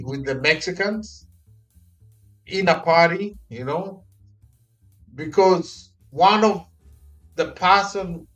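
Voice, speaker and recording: Animated male storyteller, slightly high voice. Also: low-quality recording. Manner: animated storytelling, repeats phrases. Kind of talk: casual chat.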